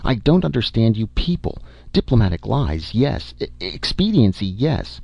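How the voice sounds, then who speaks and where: A man's voice: on the low side, expressive, normal speed, vocal fry, warm tone, dry recording. A man voicing a withered old male alien envoy who pleads and grows bitter, on a dull, dry recording. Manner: pleading, rising to an outburst.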